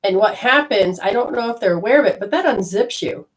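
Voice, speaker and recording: A woman giving a live channeling session as a spiritual medium, talking in a rambling, animated way that swings between loud bursts and hushed asides. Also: mid-range voice, brisk, rough recording.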